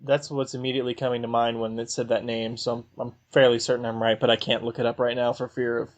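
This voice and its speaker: A man co-hosts a podcast over a Skype call from his laptop. He talks casually and restarts his sentences, laughing at himself as he goes. His voice sits at an ordinary middle pitch. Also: level tone, fast talker, highs cut off. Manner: stammering restarts, self-deprecating laughs. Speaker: podcast co-host. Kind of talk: casual chat.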